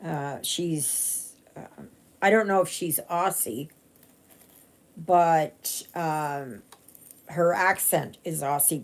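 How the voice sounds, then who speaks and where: A woman with a low, gravelly voice talks slowly through a relaxed live stitching chat. She rambles, trails off and restarts often, with plenty of ums along the way. Her tone stays unhurried and conversational. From Canada. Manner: rambling, chatty, many fillers and restarts. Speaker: cross-stitch vlogger.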